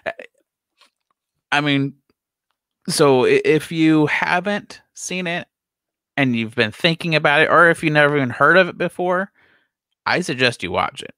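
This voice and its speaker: A man hosting a casual reaction chat, animated and often stumbling over repeated words. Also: on the high side, unhurried, long pauses, smooth, dry recording, studio quality. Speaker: host.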